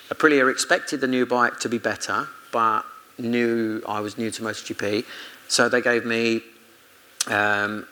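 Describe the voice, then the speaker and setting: In a casual interview with poor audio, the ex-motorcycle racer from Britain spins chatty anecdotes, laughing and repeating what he said to people. His voice sits on the low side and sounds pushed and bright.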